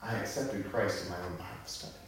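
A man's voice: sits low, a little fast, heavy reverb, slight background noise. A man preaching a sermon, telling a personal story casually and then building to fervent emphasis. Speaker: pastor.

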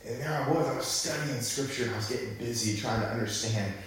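A man's voice: medium pitch, fast talker, very echoey. A man preaching a sermon, telling a personal story casually and then building to fervent emphasis. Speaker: pastor.

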